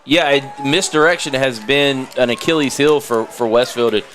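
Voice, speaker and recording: A man with a mid-pitched voice breaks down plays in a calm, analytical way as the color commentator. Faint background ambience sits under his voice. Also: moderate pace, a little hiss or hum. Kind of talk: live sports color commentary.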